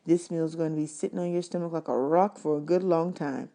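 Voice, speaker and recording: A woman's voice: low-pitched, brisk, mellow. A woman reading as a teasing older man. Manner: teasing, folksy. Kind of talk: storybook read-aloud.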